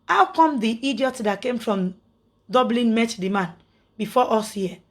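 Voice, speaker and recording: Indignant Nigerian woman, higher voice. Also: lively intonation, unhurried. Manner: indignant, preachy, rhetorical questions. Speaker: social media personality. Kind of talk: casual monologue to followers.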